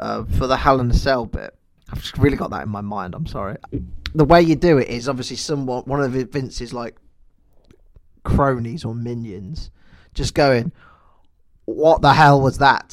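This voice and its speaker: A man's voice: medium pitch, no room sound. A man in casual chat, eagerly chipping in ideas.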